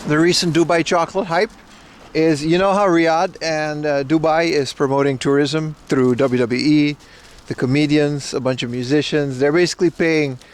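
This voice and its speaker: Brief: young male street streamer, raised pitch, bro-ish profane banter, light traffic noise. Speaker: livestream host. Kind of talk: casual live-stream chat. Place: outdoors on a city street. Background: faint street and traffic noise.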